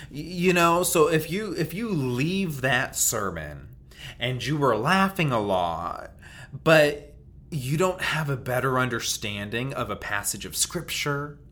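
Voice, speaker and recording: A man's voice: mid-range voice, sharp tone. A man who preaches, hosting a podcast in a candid, self-deprecating way. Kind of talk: casual podcast monologue.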